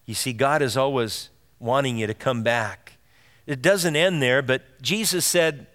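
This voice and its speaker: Earnest and direct, this pastor asks his listeners rhetorical questions as he preaches. He speaks at a measured pace in a slightly bright, mid-range voice, and a large hall lends a long reverb.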